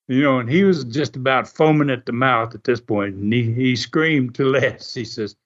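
A man telling stories in a casual, animated way, laughing often and acting out what others said. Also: mid-range voice, moderate pace, hardly any pauses. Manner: animated, laughs often, acts out quoted voices. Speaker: guest recounting wrestling TV history. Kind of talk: casual storytelling. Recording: muffled lo-fi audio.

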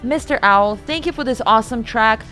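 A woman's voice: on the high side, fairly quick, bright, forceful tone, faint music behind. A woman hosting a podcast in casual chat, rambling with fillers and thanking her guests. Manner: chatty, trails into fillers, thanks guests at length. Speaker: podcast host.

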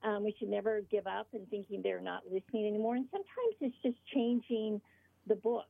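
A woman author being interviewed, explaining earnestly in short halting phrases over the phone. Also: mid-range voice, creaky, slightly rough, no room sound. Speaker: author guest. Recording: tinny phone line.

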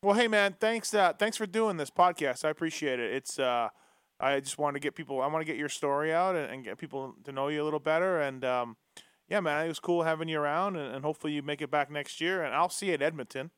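A podcast host who talks to his guest in a relaxed, teasing way. His voice is smooth and clear and sits a little high. The sound is close and dry. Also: fast, dry recording. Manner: teasing, laid-back. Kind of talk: casual chat.

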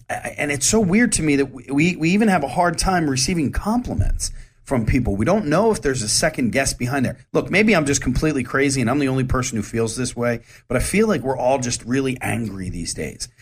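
A man's voice: mid-range voice, lively intonation, brisk, husky. A man, hosting his own show in a candid, rambling monologue full of restarts. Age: 40s. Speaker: show host. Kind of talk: casual monologue.

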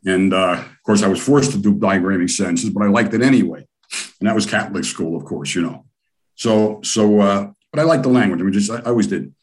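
A man's voice: on the low side, fairly quick. An older man from the United States telling long, profane, rambling stories as an interview guest. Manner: profane, rambling, animated storyteller. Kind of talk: casual storytelling interview.

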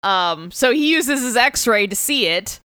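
A woman's voice: a little high, lively intonation, measured pace, sharp tone, smooth, dry recording. A woman co-hosting a casual podcast, enthusiastic, often swearing and acting out quotes from the story. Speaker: podcast co-host discussing comics. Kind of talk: casual chat.

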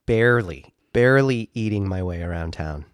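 A man's voice: fairly low pitch, lively intonation, moderate pace, clean tone, no echo, clean studio sound. A man with a stuffed-up nose from a cold, telling travel and food stories in a casual chat with his co-host. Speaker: podcast co-host.

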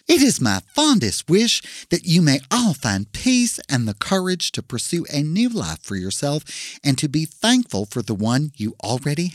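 A man's voice: mid-range voice, no room sound, clean studio sound. A man playing a clueless, self-assured Southern woman who hosts an advice show, speaking with a Southern accent. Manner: prim, self-assured, huffy.

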